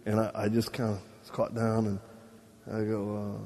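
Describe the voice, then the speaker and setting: A man's voice: fairly low pitch, unhurried. A man preaching a live sermon, telling stories with jokes, laughing at himself and acting out the voices of people he quotes. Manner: lively, joking, acts out quoted voices; laughs at his own jokes. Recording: long hall reverb.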